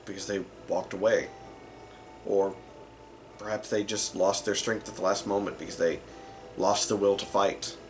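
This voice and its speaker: A man's voice: on the low side, little pitch movement, normal speed, pauses often, faint music behind. A man hosting a tabletop gaming channel, talking casually and rambling a bit with likes and uhs. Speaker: tabletop game channel host. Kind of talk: casual talk to camera about running games.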